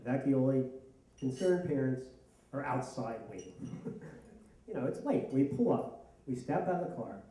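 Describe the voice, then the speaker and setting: A middle-aged man tells a comic story live on stage, self-mocking and lively. His voice comes from a distance in an echoey hall. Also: mid-range voice, normal speed, pauses often. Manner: animated, self-mocking, laughing through lines. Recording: echoey hall, mic from far off.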